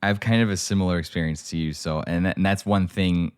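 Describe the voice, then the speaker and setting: A man's voice: low-pitched, fast, clean tone, no room sound, studio quality. A young man hosting a podcast, chatting casually and telling stories with lots of fillers. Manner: animated storytelling, many fillers. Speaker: podcast host. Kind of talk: casual interview chat.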